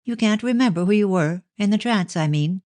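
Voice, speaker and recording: A woman's voice: medium pitch, brisk, a little mellow, pitched above the performer's own voice, natural voice. A woman playing an anxious young woman. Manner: urgent, pleading questions.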